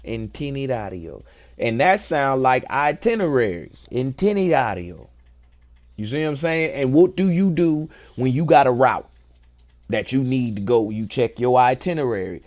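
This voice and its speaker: A man hosting a casual show, thinking aloud in a relaxed, playful way and enjoying wordplay. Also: mid-range voice, moderate pace. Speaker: host. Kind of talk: casual musing talk.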